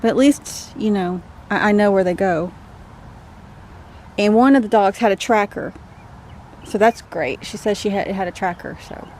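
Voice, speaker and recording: A woman's voice: medium pitch, moderate pace, long pauses, darkish tone, slight background noise. A Texan woman vlogging outdoors, coaxing stray dogs in a soothing way and chatting to the camera. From Texas. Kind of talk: casual vlog narration. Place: outdoors in heat on rural property.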